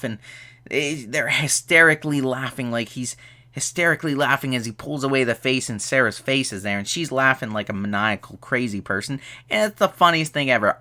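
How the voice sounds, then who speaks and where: A young man casually reviewing a movie, animated and exasperated, often jumping into high mocking voices.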